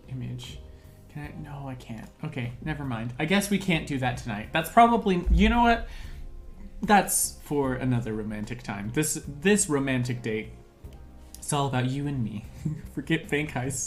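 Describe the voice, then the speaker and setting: A livestreamer chatting casually with viewers in a giggly, playful way. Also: mid-range voice. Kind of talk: casual live-stream chat.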